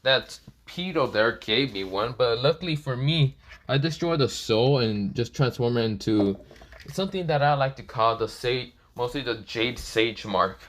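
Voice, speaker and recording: A man's voice: medium pitch, expressive, normal speed, a bit bright, natural voice. A man voicing a cocky young ninja. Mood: boastful. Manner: casual, offhand delivery with fillers.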